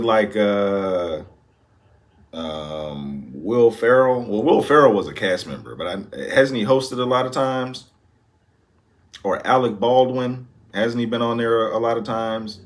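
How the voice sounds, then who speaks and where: A man hosting a reaction video, musing aloud in casual commentary, trailing off with lots of fillers. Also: on the low side.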